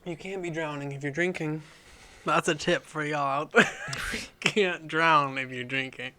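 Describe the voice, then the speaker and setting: A man's voice: on the high side, moderate pace, sharp tone. A man co-hosting a casual book podcast. He talks in an upbeat, chatty way and laughs easily. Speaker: podcast co-host.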